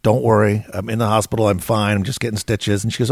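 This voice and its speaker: A man's voice: fairly low pitch, flat delivery, quick pace, gravelly, no echo, studio quality. A middle-aged man, a game warden, casually telling a story and acting out what people said. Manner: laid-back storyteller acting out quotes.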